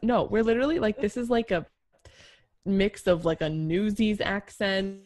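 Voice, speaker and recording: A woman's voice: medium pitch, expressive, moderate pace, a little mellow. Giggly young woman co-host. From United States. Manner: giggly, storytelling, lots of "like". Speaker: podcast co-host. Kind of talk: casual chat.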